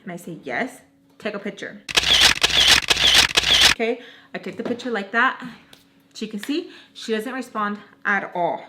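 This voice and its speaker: Over background noise, a vlogger in her twenties chats through a storytime video at normal speed in a mid-range voice. She's slangy and talkative, with "like" scattered all through her speech.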